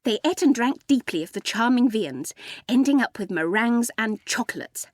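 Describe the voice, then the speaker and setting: A woman narrating a storybook in an even, gently amused storytelling manner. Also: on the high side, moderate pace, no room sound, studio quality. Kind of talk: storybook reading.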